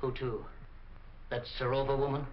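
A man's voice: medium pitch, flat delivery, moderate pace, slight background noise, close to an everyday voice. An actor playing a worried, stern store owner and father, in 1940s film acting. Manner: stern, anxious, forceful when angry. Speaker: businessman. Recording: dull old film soundtrack.

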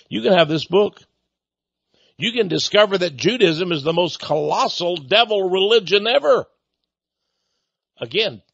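A man hosting a radio talk show, preaching emphatically and pitching a product, with repeated words and sarcastic asides. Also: creaky, fairly bright tone, breathy edge, dry recording, muffled recording. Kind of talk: preachy radio monologue with an on-air sales pitch. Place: studio with a co-worker present.

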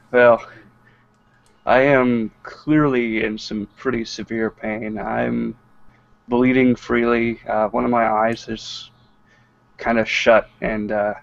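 Male player, gravelly, flat delivery, dull lo-fi audio, solemn in-character narration. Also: mid-range voice, no room sound. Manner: solemn first-person narration.

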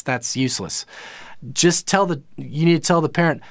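A man's voice: on the high side, normal speed, gravelly, no room sound, studio quality. A man teaching a live online music lesson, explaining in a casual way with plenty of fillers and restarts. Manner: casual, explanatory, lots of fillers and self-corrections.

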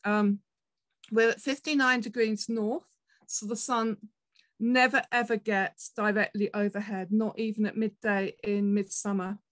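A woman from southern England with a Portsmouth accent, giving a conference talk in a chatty way, often pausing on ums and restarting. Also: mid-range voice, flat delivery, dry recording, poor audio. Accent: Portsmouth English. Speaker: conference speaker. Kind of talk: presentation talk.

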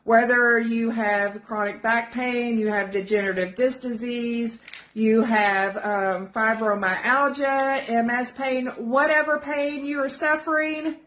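High-voiced woman talking slow, earnest and pleading, kinda choked up, says stuff twice. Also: steady tone, a bit bright. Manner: earnest and pleading, repeats herself for emphasis. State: emotional, close to tears at times. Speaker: product affiliate giving a testimonial. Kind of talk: earnest personal testimonial vlog.

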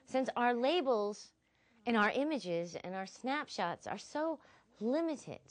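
A woman philosophy instructor giving a recorded lecture, telling stories expressively. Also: on the high side. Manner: expressive, animated storyteller.

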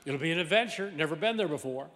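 Pastor, male, higher-pitched, emphatic sermon delivery in a reverberant sanctuary. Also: quick pace, a faint crowd. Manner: emphatic, swings from loud exclamations to low asides; animated, repeats words and restarts. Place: large church sanctuary.

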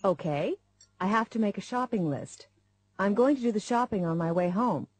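A woman playing a patient mother in a scripted textbook dialogue, calm and organized. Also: medium pitch, moderate pace, husky, no room sound.

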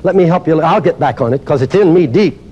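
An older man preaching a teaching sermon on healing, emphatic and exuberant, dropping to a hush and then rising to loud exclamations. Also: a little high, animated, fast, highs cut off.

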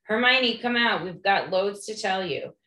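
Woman reading as a loyal eager schoolboy, lowish voice, echoey room. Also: steady tone, moderate pace, a bit bright.

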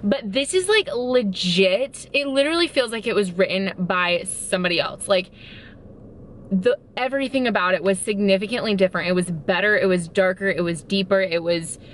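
A young woman in her twenties vlogging about a book she loved, gushing and excitable, with lots of "like". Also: mid-range voice, normal speed, slight background noise. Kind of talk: casual chat.

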